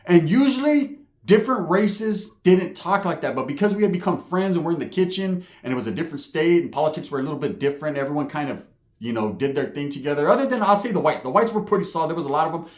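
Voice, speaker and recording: A man's voice: on the high side, expressive, fast. A man who is a former inmate, telling a story casually in profane street slang. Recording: echoey room.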